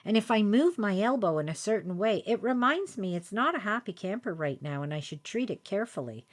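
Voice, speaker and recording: A woman hosting a podcast, telling a personal story in a chatty, self-deprecating way. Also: mid-range voice. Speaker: podcast host.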